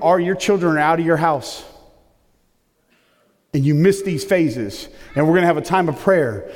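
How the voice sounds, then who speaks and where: Middle-aged male pastor, high and booming, big emphatic sermon voice, long hall reverb. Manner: loud booming preaching voice, lively and emphatic.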